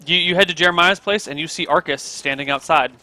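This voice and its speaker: A man's voice: a little high, fast talker, sharp tone. A man narrating as dungeon master in a casual tabletop game.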